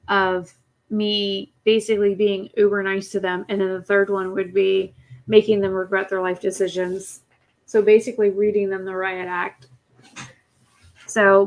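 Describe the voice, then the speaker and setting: A woman streaming a life-sim game late at night, sleepy and rambling, chatting casually and swearing now and then. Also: mid-range voice. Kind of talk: casual gameplay chat.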